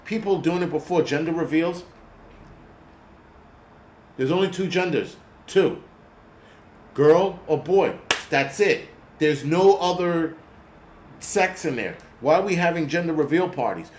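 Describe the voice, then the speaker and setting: A man's voice: a little high, expressive, measured pace, long pauses, a little mellow, reverberant, slight background noise. A man hosting his own channel, ranting bluntly and angrily with a lot of swearing. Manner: profane, blunt, angry ranting. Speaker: host. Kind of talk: ranting monologue.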